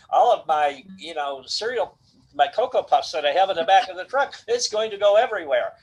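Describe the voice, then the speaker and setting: A man's voice: fairly high pitch, moderate pace, low-quality recording. A middle-aged man as a guest astrologer on a video call, telling stories and acting out quoted voices in casual chat. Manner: animated storytelling, acts out quoted voices.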